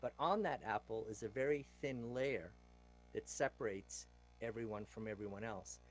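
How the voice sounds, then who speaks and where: A man's voice: fairly low pitch, normal speed, a little hiss or hum, rough recording. A man guest on a talk show, telling stories in a loose, plain-spoken way and acting out what he once said to a class. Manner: animated, acts out what he told the class. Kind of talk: casual interview storytelling.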